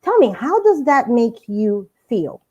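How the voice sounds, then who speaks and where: A woman's voice: on the high side, sing-song, a little slow, dark tone, highs cut off. A woman hosting a live online interview, bubbly and enthusiastic, laughing often. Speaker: host.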